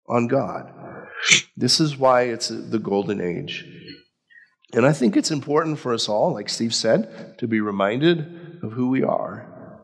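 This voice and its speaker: A man's voice: mid-range voice, unhurried. Conversational man preaching a sermon. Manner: animated, conversational, acts out quotes. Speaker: pastor.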